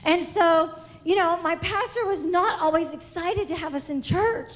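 A woman giving an exuberant missionary testimony in church, shouting praise and laughing often. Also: very high voice, moderate pace.

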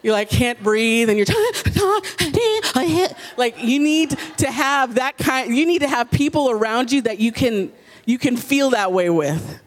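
A woman in her thirties giving a personal faith testimony at a women's gathering, candid and animated, with self-mocking humor. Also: fairly high pitch, normal speed.

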